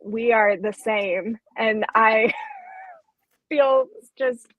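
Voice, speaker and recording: A woman's voice: on the high side, very slow, no echo, phone-quality sound. A woman bookseller in a casual live-streamed chat, talking in a chatty, enthusiastic way with lots of fillers. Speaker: bookseller co-host.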